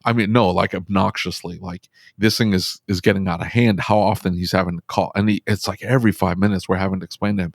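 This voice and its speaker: Animated, emphatic man, low voice. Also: gravelly, dry recording, studio quality. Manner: animated, emphatic, talks fast in bursts. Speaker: auto repair shop owner, podcast guest. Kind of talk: casual storytelling conversation.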